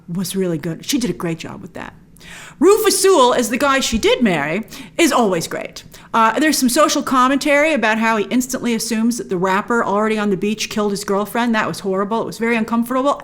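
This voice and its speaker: A woman hosting a casual spoken film review, animated and emphatic, with frequent restarts. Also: on the high side. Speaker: movie review host.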